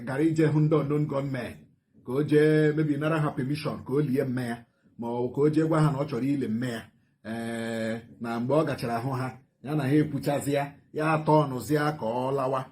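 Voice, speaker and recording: A man's voice: on the high side, darkish tone. A middle-aged man with an Igbo Nigerian accent gives an impassioned spoken statement, switching between Igbo and English and repeating phrases and rhetorical questions for emphasis. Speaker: community spokesman rebutting a report.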